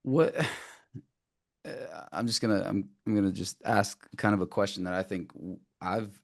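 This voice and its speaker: A man's voice: lowish voice, fairly even intonation, unhurried, vocal fry. A man hosting a podcast, asking a long question and searching for words as he goes. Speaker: podcast host. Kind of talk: interview question.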